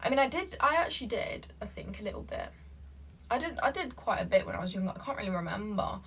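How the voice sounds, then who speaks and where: A young woman hosting a reaction video, chatting casually and reading posts aloud in a brash, sassy, foul-mouthed way with quick bursts. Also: medium pitch, big pitch swings, creaky, fairly bright tone, husky.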